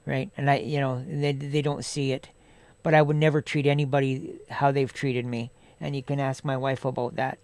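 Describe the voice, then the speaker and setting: A man's voice: medium pitch, flat delivery, normal speed, a little mellow, dry recording. A man talking casually and bluntly as a podcast guest, swearing a lot and filling his talk with "right?". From Canada. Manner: blunt, heavy swearing, many fillers. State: undergoing chemotherapy. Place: podcast studio.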